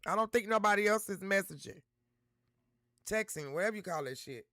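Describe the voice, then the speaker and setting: A man hosting a livestream, talking straight to his chat viewers and repeating himself to make points clear. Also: high-pitched, lively intonation, brisk, pushed and bright, no room sound. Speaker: livestream host.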